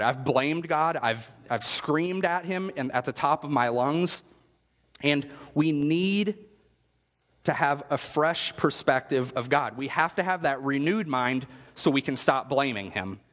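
A man's voice: mid-range voice, a bit bright. Man preaching conversationally in a reverberant hall. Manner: conversational, asks the congregation questions. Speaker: pastor. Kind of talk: sermon.

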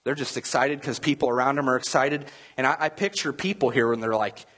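A man's voice: mid-range voice, fast talker, hardly any pauses, a bit bright, slightly rough. A man preaching a sermon as a pastor, talking to the congregation in a loose, conversational way. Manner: conversational preaching with acted-out crowd voices.

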